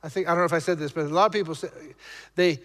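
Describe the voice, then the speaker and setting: A male pastor preaching emphatically to his congregation, shifting between loud exhortation and low, intense passages. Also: steady tone, racing, big-room sound. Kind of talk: preaching a sermon.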